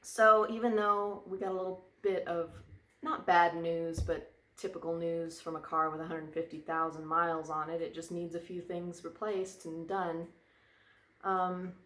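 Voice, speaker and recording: A woman's voice: on the low side, a bit bright, reverberant. A woman vlogger chatting casually, rambling and drifting onto tangents. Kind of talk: casual chat. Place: indoor room by a fireplace.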